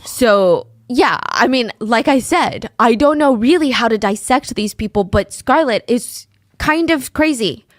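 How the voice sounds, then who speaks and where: A woman's voice: a little high, lively intonation, unhurried, no room sound, clean studio sound. Casual young woman telling a true crime story. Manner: casual, with many "like" and "I mean" asides.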